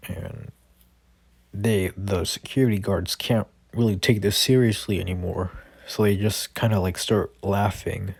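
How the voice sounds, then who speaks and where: A man's voice: deep voice, fairly even intonation, takes it slowly, gravelly, pauses often, a little mellow, husky, dry recording. A man improvising a fan-fiction story, rambling and hesitant, full of fillers and restarts.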